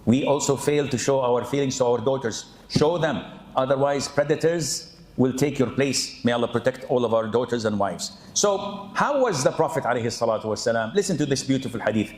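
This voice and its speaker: A man preaching a lively sermon with humorous asides, animated and often saying 'yani'. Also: mid-range voice, brisk. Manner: animated, mimics people, peppers speech with 'yani'. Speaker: Islamic preacher. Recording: echoey hall.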